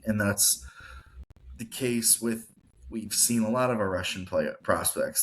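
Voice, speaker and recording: A man's voice: on the low side, unhurried, fairly bright tone, a little hiss or hum. A man co-hosting a casual hockey podcast, rambling and saying "like" often. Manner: rambling, heavy use of "like". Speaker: podcast co-host.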